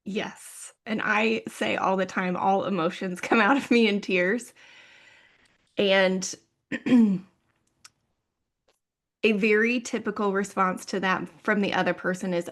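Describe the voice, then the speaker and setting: A woman coach in a candid podcast conversation, open and personal, often with a soft laugh. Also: mid-range voice, steady tone, a little slow.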